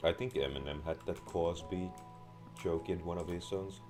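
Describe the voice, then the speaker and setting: Young guy with a sore throat, super deep raspy voice, deadpan jokey game commentary, quiet music under it. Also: moderate pace. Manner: deadpan, crude jokes. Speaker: gamer. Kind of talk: casual gameplay commentary. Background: faint game music and keyboard typing.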